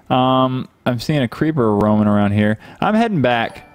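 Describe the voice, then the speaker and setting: A young man with a middle-pitched voice chats casually over a video game. He teases, jokes and laughs often as he plays. His tone stays easy and conversational. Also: sing-song, normal speed, few pauses, clear, resonant tone, soft background music. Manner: teasing, joking, laughs often. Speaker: gaming streamer. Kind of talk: casual gameplay chat.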